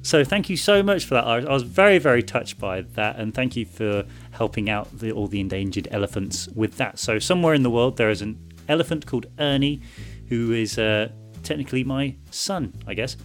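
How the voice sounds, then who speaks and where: A man co-hosts a podcast in relaxed, jokey chat. His voice swings up and down in lively intonation as he reads out messages. Faint music sits quietly behind him. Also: mid-range voice, fairly quick. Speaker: podcast co-host. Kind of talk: casual chat.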